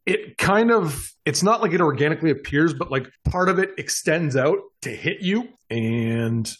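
A man's voice: a little high, animated, a bit bright, breathy edge. A man narrating as game master in a casual tabletop session, loose and a bit profane. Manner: casual, swearing, quick asides.

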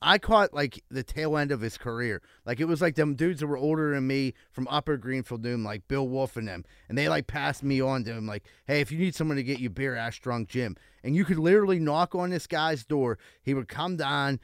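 A man's voice: mid-range voice, brisk, few pauses, a bit bright, clear, resonant tone, dry recording, clean studio sound. A male radio host telling rambling, profane stories in a casual chat. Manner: rambling, profane storytelling with lots of fillers.

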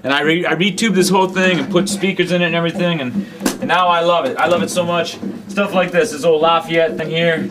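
A man's voice: a little high, steady tone, a little fast, background noise. A man hosting a casual local show from his music store, joking and rambling as he talks. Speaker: host and music store owner.

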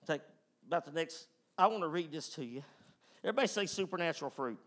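A man preaching a fervent, emphatic sermon, swinging from loud whoops to hushed tones. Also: fairly high pitch, animated, quick pace. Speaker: pastor.

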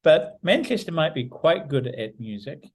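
A man's voice: fairly high pitch, very animated, normal speed, slightly rough. A man co-hosting a casual podcast, with a dry, teasing way of talking who repeats himself to push the chat along. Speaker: podcast co-host.

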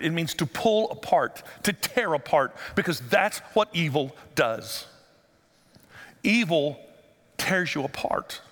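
A man preaching a sermon, dramatic, acting out the quoted lines and swinging from hushed to loud. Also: fairly high pitch, big-room sound. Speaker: pastor.

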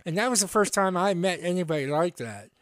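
High-voiced man telling rambling stories. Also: lively intonation, fairly quick, no room sound, clean studio sound. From Pittsburgh area. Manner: rambling, profane storytelling. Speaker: podcast host. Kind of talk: casual chat.

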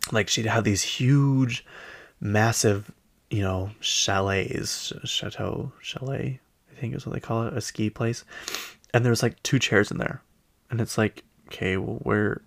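A man's voice: on the low side, gravelly, a bit bright, dry recording. A man hosting a pop culture recap, chatting casually in a gossipy, opinionated and rambling way. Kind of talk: casual chat.

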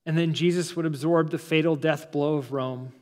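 A man, a pastor, preaching a sermon with dramatic pauses, slowing down and dropping soft for emphasis, in a church sanctuary. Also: on the high side, steady tone, big-room sound. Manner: dramatic preaching, slows and drops to near-silence for emphasis.

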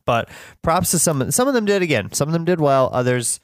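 A man's voice: fairly high pitch, expressive, fairly quick, dry recording, clean studio sound. A man co-hosting a podcast, chatting casually about a film and rambling with lots of fillers. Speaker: podcast co-host. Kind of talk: casual chat.

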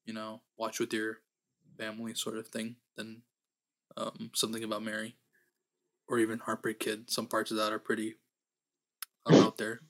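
A young man co-hosting a casual movie review chat, hesitant and quick to laugh. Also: lowish voice, monotone. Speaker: movie review podcast co-host.

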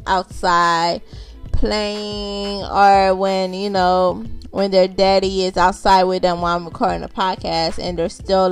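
A woman hosting her own podcast, talking casually and unscripted, repeating herself and addressing listeners directly as y'all. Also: medium pitch. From Haitian background. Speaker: podcast host.

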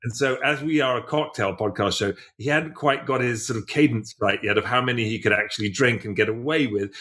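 A man's voice: medium pitch, fairly quick, sharp tone. A man co-hosting a podcast, talking in a chatty, rambling way with many restarts. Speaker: podcast co-host. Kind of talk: casual chat.

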